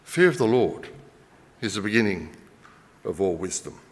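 A middle-aged Australian man preaching a sermon and telling a story, swinging between loud emphasis and quiet asides. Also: low-pitched, animated, normal speed, big-room sound.

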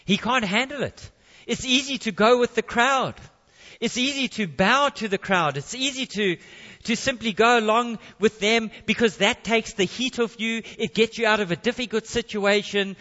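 A man's voice: high-pitched, moderate pace, pushed and bright, in a large hall, muffled recording. A man preaching a sermon in a conversational way, with jokey asides.

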